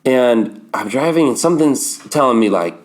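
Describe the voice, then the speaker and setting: A man's voice: medium pitch, animated, normal speed. A man in his thirties, a podcast guest, telling a personal story in a candid, vivid way and acting out remembered dialogue.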